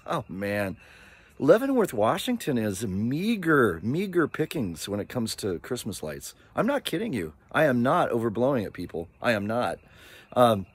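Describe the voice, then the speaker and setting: A man's voice: medium pitch, breathy edge. A man in his sixties, from Oregon, talking casually in a rambling vlog with many asides. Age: 60s. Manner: animated, rambling, with frequent asides and laughs. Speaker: vlogger.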